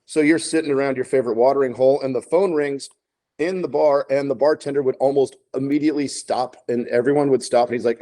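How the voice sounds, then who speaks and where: A man's voice: mid-range voice, fairly even intonation, fast, warm tone. A man co-hosting a podcast, casually telling bar stories and acting out phone calls. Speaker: podcast co-host, bartender. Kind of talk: casual storytelling chat.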